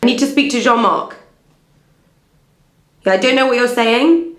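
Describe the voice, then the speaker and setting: Woman in a mockumentary, flustered and fed up, says things over and over, a bit high. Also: moderate pace. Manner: flustered and exasperated, repeating herself. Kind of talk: improvised mockumentary comedy.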